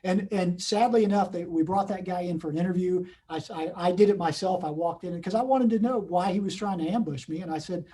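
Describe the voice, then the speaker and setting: A middle-aged man speaking on a video call from his office, his voice pitched fairly high yet warm and mellow. He tells a story earnestly, stumbling and restarting often, with a husky edge to his tone. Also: fairly quick, hardly any pauses. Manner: earnest, many restarts and repeats. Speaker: police chief, guest speaker. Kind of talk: unscripted storytelling at a community meeting.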